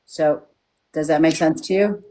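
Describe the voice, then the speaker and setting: Low-voiced woman medium giving readings. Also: fairly even intonation, measured pace, mellow. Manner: frank, repeats questions for yes or no. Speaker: psychic medium. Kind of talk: live-stream reading.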